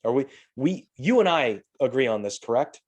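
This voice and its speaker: Animated, swearing male podcast host. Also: mid-range voice, moderate pace. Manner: animated storyteller, swears freely, acts out quotes. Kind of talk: casual podcast chat.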